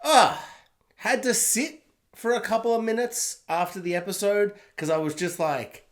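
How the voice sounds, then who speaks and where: Rambling man, slightly high voice. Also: moderate pace. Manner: rambling, laughs often, self-deprecating. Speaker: TV review vlogger. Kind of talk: casual spoken review. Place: home room. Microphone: own camera setup.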